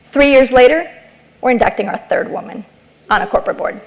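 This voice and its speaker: A woman's voice: on the high side, fairly quick, gravelly, heavy background noise. A middle-aged woman from Ecuador giving an emphatic motivational keynote, telling stories and driving rhetorical points home. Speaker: keynote speaker. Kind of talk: motivational speech.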